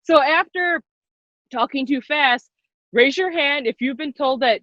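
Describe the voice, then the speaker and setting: A woman's voice: sits high, unhurried, long pauses, fairly bright tone, no room sound. A young woman leading a live online class for girls, upbeat and encouraging, repeating herself and laughing often. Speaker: workshop leader. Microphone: computer mic on a video call. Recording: dull lo-fi video call sound.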